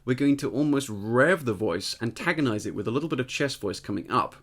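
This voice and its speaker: Man, voice teacher, casual explanatory lesson, tired slightly husky voice, animated pitch. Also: a little fast. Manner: explanatory, conversational, often checks in with "right?". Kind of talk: casual spoken singing lesson.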